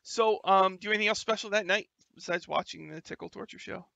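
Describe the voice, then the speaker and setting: A man runs a tabletop game as game master, his voice high and bright with a gravelly edge. He swings widely in pitch and laughs often. The recording is dry and a little dull. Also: no echo. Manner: laughs a lot, animated, quick to put on character lines. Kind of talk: running a tabletop game over voice chat.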